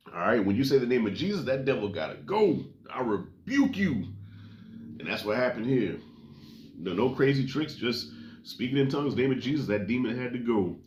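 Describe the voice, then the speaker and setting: A man giving a casual, profane, jokey movie review with lively storytelling. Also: mid-range voice, reverberant, muffled recording, a little hiss or hum. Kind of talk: casual spoken film review.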